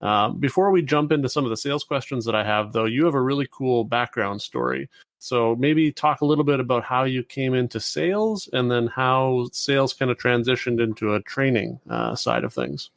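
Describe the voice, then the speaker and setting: A man's voice: medium pitch, moderate pace, vocal fry, dry recording, studio quality. A man hosting a podcast interview in an easygoing way, with hesitant fillers. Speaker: podcast host. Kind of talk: casual interview.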